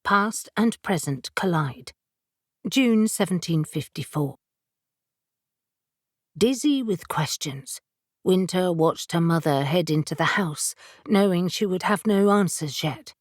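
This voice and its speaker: A woman narrating an audiobook in a measured way, giving each character a voice. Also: medium pitch, darkish tone, no echo, studio quality. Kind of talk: scripted narration.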